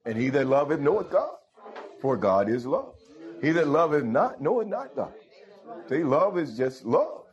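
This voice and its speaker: A man's voice: a little high, sing-song, normal speed, darkish tone, lo-fi sound. A male pastor preaching a sermon, calling out to the congregation and chuckling as he goes. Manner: call-and-response, asks the congregation "Huh?" often, chuckles.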